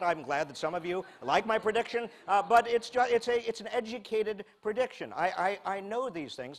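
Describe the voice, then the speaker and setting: A man in his sixties from the United States giving a humorous public lecture, telling a wry self-mocking story with deadpan asides. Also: sits high. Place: lecture hall before a live audience.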